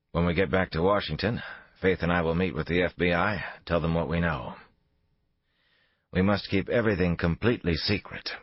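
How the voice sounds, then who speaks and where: A man doing a calm, scheming older planner. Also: deep voice, no room sound, muffled recording.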